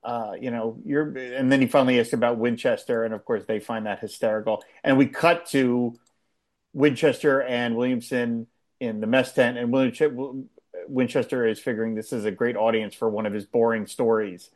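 Man, casual chat, rambling, animated retelling, frequent restarts, mid-pitched. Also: moderate pace. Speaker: podcast co-host.

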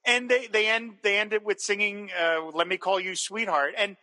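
An enthusiastic man talks through a TV episode in loose, rambling podcast chat, circling back on his words. His voice is very bright and sharp, sitting a little high. The room around him rings with a long reverb. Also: fairly even intonation, normal speed. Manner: enthusiastic, rambling with restarts, laughs often. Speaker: podcast co-host. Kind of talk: casual chat recapping a TV episode.

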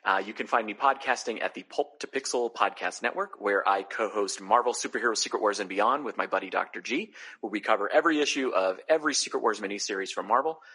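Husky-voiced guest from New Jersey. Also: male voice, on the low side, fast talker, few pauses. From Southern New Jersey. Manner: laughing storyteller, relaxed. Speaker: podcast guest. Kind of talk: casual chat.

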